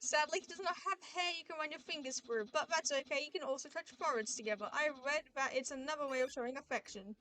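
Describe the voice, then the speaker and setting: A woman's voice: sits high, fast talker, hardly any pauses, sharp tone, a little hiss or hum. A woman voicing a boastful, cheerful male skeleton who speaks in grand, formal declarations while reading a visual novel aloud. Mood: earnest. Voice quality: formal, theatrical phrasing. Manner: proud, eager declarations.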